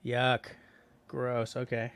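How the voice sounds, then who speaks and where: A man's voice: medium pitch, monotone, takes it slowly, creaky, fairly bright tone, clean tone. A middle-aged man from Canada hosting a casual livestream, reading out chat messages and rambling with lots of restarts and fillers.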